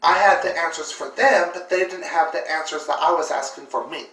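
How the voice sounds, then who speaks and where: Woman, vlogger, emotional storyteller, lots of fillers, bright tone, roomy echo, distant mic. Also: deep voice, brisk. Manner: emotional, full of fillers and repeated words. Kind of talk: personal storytelling.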